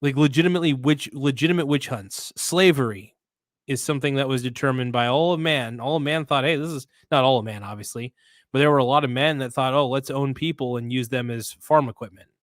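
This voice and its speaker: A man's voice: medium pitch, dry recording, clean studio sound. A man hosting a casual livestream, talking bluntly with slang and swearing, reading viewer comments aloud and rambling through restarts. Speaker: livestream host.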